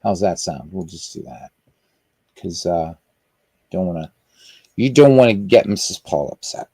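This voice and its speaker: Man, live-stream host, rambling chatty talk, low mellow voice, dry close sound. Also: animated, a little slow, slightly rough, no echo. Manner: rambling, chatty, greets viewers by name. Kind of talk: casual live-stream chat.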